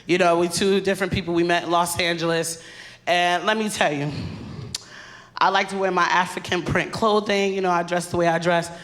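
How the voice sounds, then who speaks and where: A woman comedian doing a stand-up set on stage into a handheld mic, animated and laughing through her punchlines. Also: on the low side, brisk.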